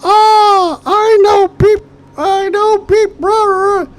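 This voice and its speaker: A man voicing an excitable older male businessman who shouts in broken English. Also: normal speed. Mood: furious. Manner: shrieking, very high and loud.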